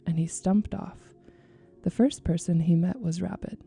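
A woman radio presenter reading a children's story aloud in a calm, measured way. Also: on the low side, creaky, breathy edge, soft background music.

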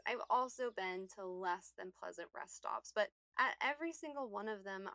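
A woman's voice: medium pitch, gravelly, bright, forceful tone, no echo. A woman reading a scripted personal essay in a reflective, wry manner. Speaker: contributor.

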